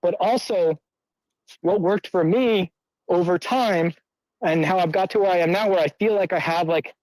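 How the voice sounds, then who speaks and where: A man's voice: sits high, moderate pace, darkish tone, no echo, low-quality recording. Reflective man on earbuds mic. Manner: reflective, swears for emphasis. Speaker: guest speaker. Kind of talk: casual chat in a live audio room.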